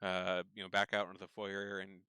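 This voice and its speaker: A man narrating a tabletop game as game master, relaxed and full of fillers. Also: deep voice, brisk, clean tone, dry recording.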